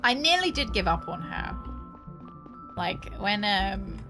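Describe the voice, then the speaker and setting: A woman's voice: mid-range voice, very animated, slow, music in the background. A young adult woman streaming a game, chatting casually and giggling as she reacts and reads along. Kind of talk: casual gameplay commentary, reading game dialogue aloud.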